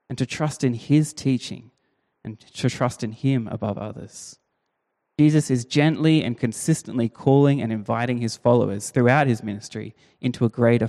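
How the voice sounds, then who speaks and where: A man's voice: mid-range voice, a little mellow. A man preaching a sermon in a conversational, emphatic way, asking his listeners rhetorical questions. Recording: long reverb of a large hall.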